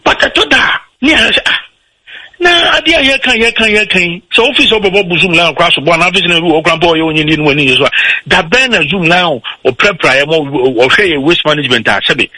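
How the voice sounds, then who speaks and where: A Ghanaian man with a husky, very bright voice argues back at a radio host. He rushes his words and his pitch leaps around as he presses his point. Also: lively intonation. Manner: rapid, insistent, keeps repeating the host's name to get in. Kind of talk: heated political debate.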